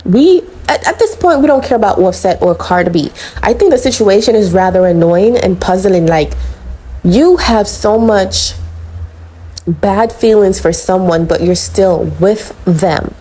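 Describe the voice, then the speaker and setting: Sassy woman dishing celebrity gossip, mellow. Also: mid-range voice, a little slow, breathy edge, rough recording. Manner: sassy and blunt, calls viewers honey and girl. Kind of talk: casual opinionated commentary.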